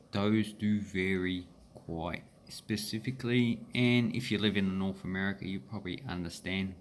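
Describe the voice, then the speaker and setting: A man with an Australian accent explaining pronunciation in a relaxed, meandering way, with filler pauses. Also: lowish voice, slight background noise. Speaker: language teacher. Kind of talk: casual explanatory lesson.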